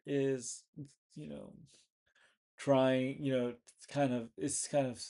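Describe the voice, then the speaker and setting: A man's voice: mid-range voice, flat delivery, takes it slowly, mellow. A man hosting a casual movie talk, recapping scenes in a rambling way with many restarts and fillers. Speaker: movie review host.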